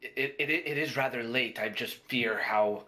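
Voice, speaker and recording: Bright-voiced, hesitant male player. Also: medium pitch, a little slow, a little hiss or hum. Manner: hesitant, stammering. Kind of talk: tabletop game chat.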